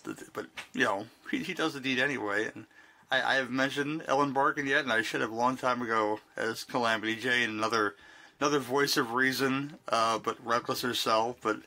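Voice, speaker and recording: A man's voice: medium pitch, brisk, bright, forceful tone, slight background noise. A man co-hosting a podcast, chatting casually about a movie, rambling with frequent restarts. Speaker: podcast co-host. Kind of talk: casual movie-discussion chat.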